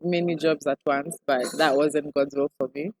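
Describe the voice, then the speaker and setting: A woman's voice: sits low, steady tone, normal speed, a little hiss or hum. A young woman doctor with a Kenyan accent, chatting animatedly in an interview and slipping Swahili phrases into her English. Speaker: newly qualified doctor, guest. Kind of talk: casual interview chat.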